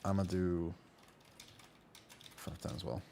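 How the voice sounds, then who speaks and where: A man's voice: low-pitched, slow, vocal fry, slight background noise. A man streaming a game live, chatting casually and animatedly with his viewers, with keyboard typing behind him. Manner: chatty, animated, talks to chat by name. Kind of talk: casual live-stream chat while gaming.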